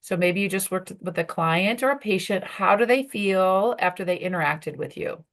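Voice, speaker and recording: A woman's voice: medium pitch, moderate pace. A woman leading a workshop for professional women, talking conversationally and acting out bits of dialogue. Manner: conversational, with fillers and acted-out dialogue. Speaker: workshop leader.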